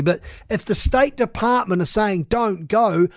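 A man's voice: sits high, lively intonation, brisk, dry recording, studio quality. A man, a sports radio host chatting casually and giving opinions with many restarts.

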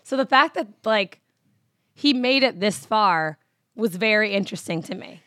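A woman co-hosting a podcast in casual chat, with quick asides and mock quotes. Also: mid-range voice, animated, a bit bright, dry recording, clean studio sound. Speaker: podcast co-host.

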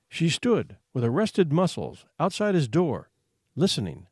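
A man narrating a short story in an expressive, suspenseful reading. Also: a little high, measured pace, husky, no room sound, clean studio sound. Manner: expressive, suspenseful, hushed for tension.

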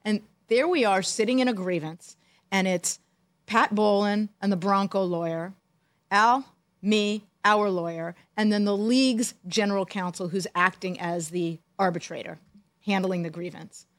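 A woman co-hosting a podcast, a former team executive telling animated stories with dry jokes. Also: mid-range voice, normal speed, no room sound. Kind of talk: casual storytelling chat.

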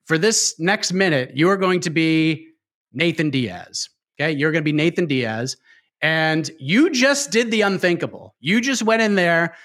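A man hosting a casual fight show, playful and energetic, running a game and plugging upcoming shows. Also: fairly high pitch. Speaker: host.

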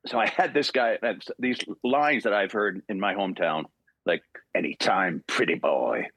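An older man from Ontario, Canada, guesting on an interview show and telling stories with lively acted-out dialogue and frequent laughs. His voice is lowish and husky. The sound is dry and close. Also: normal speed, dry recording. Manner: animated, acts out dialogue, laughs often. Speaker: guest voice actor. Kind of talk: podcast interview storytelling.

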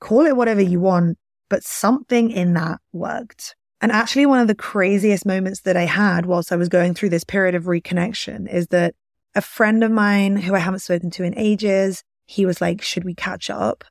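A woman's voice: mid-range voice, steady tone, normal speed, no echo, clean studio sound. A woman in her thirties hosting a solo podcast, speaking candidly and confessionally about her own life, with lots of "like". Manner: candid, confessional, heavy use of "like". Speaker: podcast host. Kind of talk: solo podcast, personal reflection.

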